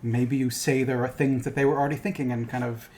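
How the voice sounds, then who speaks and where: A man's voice: mid-range voice, flat delivery, fast, a little mellow. Rambling young man, light background hiss. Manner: rambling, profane, fond of asides. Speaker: podcast co-host and game master. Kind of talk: casual chat about a cartoon series.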